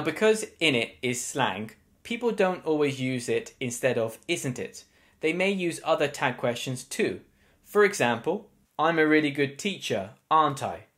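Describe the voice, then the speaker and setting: A man with a British English accent, an English teacher giving a scripted slang lesson with clear explanations and wry asides. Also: on the high side, expressive, moderate pace, a bit bright. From England.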